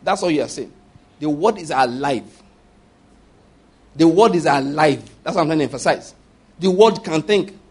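Husky-voiced man preaching. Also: a little high, fairly quick, long pauses. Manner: animated preaching with rhetorical questions and acted prayers. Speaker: pastor. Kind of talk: sermon.

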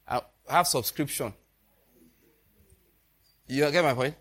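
A man's voice: medium pitch, takes it slowly, a bit bright. A man preaching a sermon in a loose, conversational way, often breaking into laughter as he tells stories. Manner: laughs often, chuckling storyteller. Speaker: pastor.

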